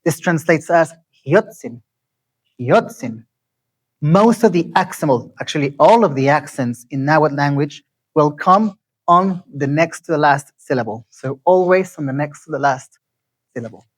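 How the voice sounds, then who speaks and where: A man from Mexico City, giving a lecture and slowly repeating words so listeners can pronounce them. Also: on the high side, lively intonation, rough recording. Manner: slow, deliberate, repeats words to teach pronunciation.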